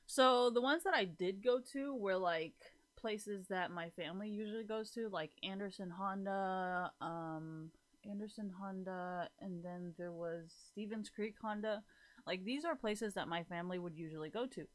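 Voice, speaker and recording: A woman's voice: medium pitch, moderate pace. A woman in her twenties ranting casually to her viewers, profane and rambling, with "like" in nearly every sentence. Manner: profane, rambling, says "like" constantly. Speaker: vlogger.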